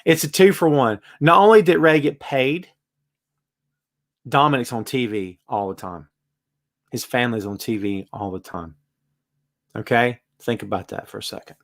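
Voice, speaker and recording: A man hosting a casual live-stream chat, reading viewer comments aloud and answering them in an animated, emphatic way. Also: moderate pace, gravelly. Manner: wide swings in pitch and loudness, emphatic. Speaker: host.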